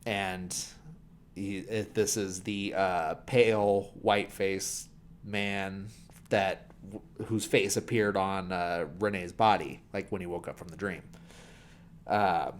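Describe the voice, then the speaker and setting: A man's voice: sits low, slow pace, a little mellow, smooth. A man hosting a podcast, retelling a film scene in a loose, rambling way, full of filler words and dry humour. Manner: rambling, heavy on "like" and "you know" fillers. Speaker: podcast host. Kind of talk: casual film recap.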